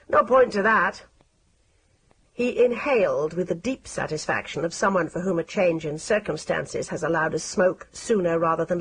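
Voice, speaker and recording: A woman narrating an audiobook in a measured, expressive reading style. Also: on the low side, slight background noise.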